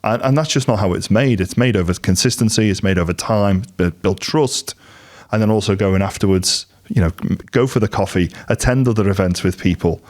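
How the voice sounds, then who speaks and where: A man hosting a relaxed business podcast, his voice sitting fairly low. He chats easily, with plenty of ums, and slips into little quoted voices to act out what other people say. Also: a little fast. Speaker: podcast host. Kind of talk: casual business interview chat.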